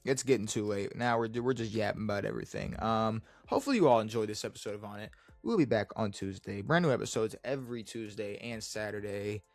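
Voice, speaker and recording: A young man co-hosts a casual sports podcast, rambling and laid-back with lots of fillers. His lowish voice is animated and fast with few pauses, recorded with no echo over soft background music.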